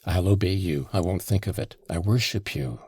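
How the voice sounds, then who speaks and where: A man voicing a drunk, passionate young man who mutters gruffly, in an audiobook reading. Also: deep voice, normal speed, a little mellow, dry recording. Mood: devoted.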